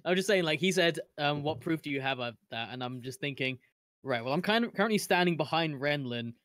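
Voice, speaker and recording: A man's voice: a little high, animated, fairly bright tone. A man playing a tabletop game, chatting and joking about what his character does. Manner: chatty, joking, quick to laugh it off. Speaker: player. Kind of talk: casual chat while playing a tabletop game.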